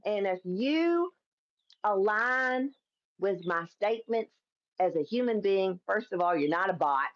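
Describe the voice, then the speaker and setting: A Kentucky woman hosts a casual political live stream, chatty and emphatic, laughing a lot and swearing freely. Her mid-range voice has lively intonation and an unhurried pace. The audio is dull, picked up by a phone or camera.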